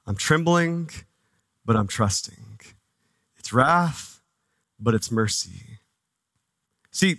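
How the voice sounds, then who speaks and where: A man preaching a sermon as pastor, conversational and animated, dropping low and soft for reverent moments. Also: no room sound. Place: church.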